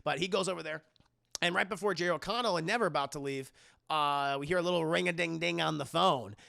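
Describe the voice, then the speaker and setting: A man streaming a casual scene-by-scene film recap to his live chat, animated, profane and laughing often. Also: fairly high pitch, fast talker, gravelly.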